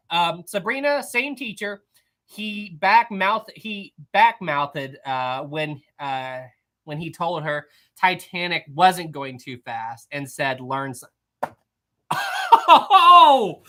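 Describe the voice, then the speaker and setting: A woman hosts a live stream in loose, chatty talk. Her voice sits fairly low but swings widely, with a bright, forceful edge. She laughs often and restarts her sentences as she goes. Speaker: live-stream host reading chat. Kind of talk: casual live-stream chat.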